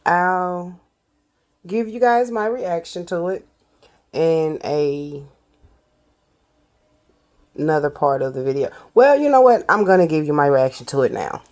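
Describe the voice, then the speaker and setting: A woman's voice: on the low side, animated, a little slow, pauses often, a little mellow. A woman, chatting casually to viewers while she builds and tastes a burger in a cooking vlog. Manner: chatty, addresses viewers as y'all. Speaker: cooking vlogger.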